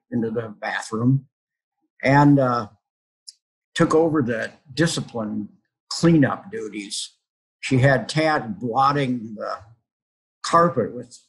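An older man, an author, speaking over a video call and telling a personal story in a slow, reflective way. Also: medium pitch, breathy edge, poor audio. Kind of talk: storytelling talk.

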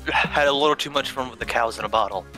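A man's voice: mid-range voice, quick pace, rough recording. A man joking and teasing friends in a casual gaming voice chat. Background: background music.

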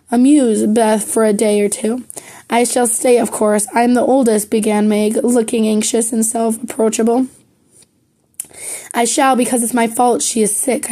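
A woman's voice: fairly high pitch, mellow. A woman reading a classic novel aloud as an amateur audiobook narrator, with small slips that she corrects as she goes. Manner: plain reading with some slips and self-corrections. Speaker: audiobook reader.

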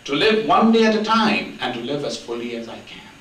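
A man giving a spiritual talk in a lively, rising-and-falling voice. He tells stories conversationally with light humor. The sound is echoey and picked up from some distance, with faint noise behind him. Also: a little high, a little fast. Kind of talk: storytelling talk on spiritual life.

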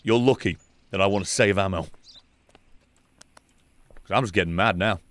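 A young man playing a video game and commenting as he goes, sarcastic and swearing, dropping to mutters and then shouting. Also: low-pitched, moderate pace. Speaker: gaming streamer.

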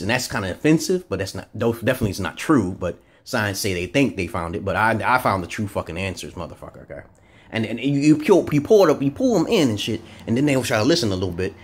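A man vlogging a rambling, profane monologue, tagging lines with "okay?" and jumping up in pitch for emphasis. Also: breathy edge. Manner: animated, jumps up in pitch for emphasis. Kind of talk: casual ranting monologue.

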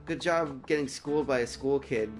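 A man's voice: medium pitch, moderate pace, faint music behind, close to an everyday voice. A man voicing a cocky teenage girl who runs a shady shop, talking in a sassy, mocking way. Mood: smug.

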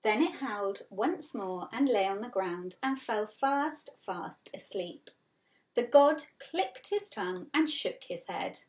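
Sex: woman. Role: primary teacher. Style: recorded read-aloud lesson. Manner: expressive, explains vocabulary patiently. Pitch: mid. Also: slow. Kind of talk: recorded storybook reading lesson.

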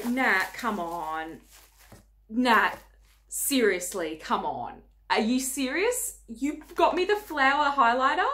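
A woman's voice: sits high, lively intonation, a little slow, fairly bright tone. A young woman unboxing gifts for her vlog, gushing, gasping and squealing with delight. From Australia. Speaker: beauty vlogger.

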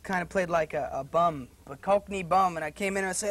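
A man's voice: sits high, fairly quick, fairly bright tone. A young man, an actor guest on a talk show, chatting in an easygoing, upbeat way and telling stories. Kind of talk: casual interview chat.

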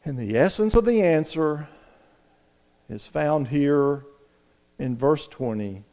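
A middle-aged man preaching a sermon as pastor, emphatic, swinging from loud stresses to hushed asides. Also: a little high, expressive, slow pace.

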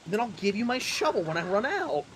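A man jokes and reacts excitably while playing with friends. His voice sits high and jumps around a lot. A faint hiss lies under it. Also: a little fast. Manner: playful, excitable. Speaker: gamer. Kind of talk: casual gaming chat.

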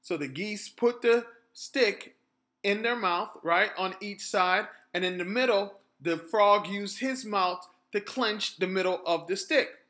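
Man, motivational coach, high bright voice, upbeat, enthusiastic storyteller, talks right to listeners. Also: slow pace. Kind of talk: spoken storytelling with a moral.

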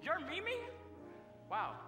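A man's voice: very high voice, huge pitch swings, slow pace, exaggerated voice. A young man playing an earnest, lovestruck groom on a school stage. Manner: earnest, eager. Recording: echoey stage hall with faint music.

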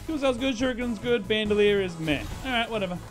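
Excitable young man commentating gameplay. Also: sits high, quick pace, faint music behind. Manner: excitable, swears and laughs often. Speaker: gaming streamer.

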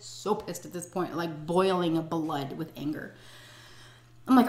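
In an echoey room at home, a middle-aged woman vlogger eats on camera and recounts a personal story. Her low voice moves at a measured pace as she tells it vividly, casually, bluntly and profanely.

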